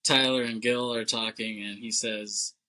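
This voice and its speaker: A man co-hosting a podcast, recapping a film plot in a loose, chatty way, full of "like", quick laughs and casual swearing. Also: lowish voice, steady tone, bright, forceful tone, low-quality recording. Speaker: podcast co-host.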